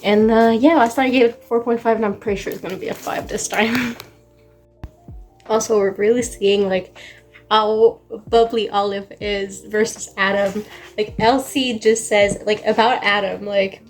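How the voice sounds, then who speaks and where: A woman chatting casually in a reading vlog, gushing excitedly and peppering her talk with "like.". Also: medium pitch, normal speed, soft background music. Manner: gushing, excited, heavy use of "like". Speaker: book vlogger.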